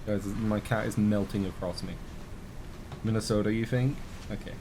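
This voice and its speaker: A man's voice: fairly low pitch, fairly even intonation, normal speed, background noise. A man streaming a reaction to a video, chatting casually to his viewers with rambling, joking asides.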